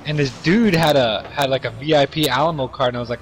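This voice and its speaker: A man's voice: mid-range voice, fast talker, slight background noise. Rambling young guy telling a story. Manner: rambling, lots of fillers and swearing. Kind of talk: casual chat.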